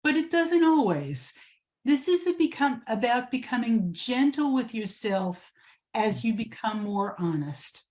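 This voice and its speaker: A woman co-hosting a spiritual podcast, giving gentle, measured advice. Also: a little high, very animated. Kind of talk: reflective spiritual discussion.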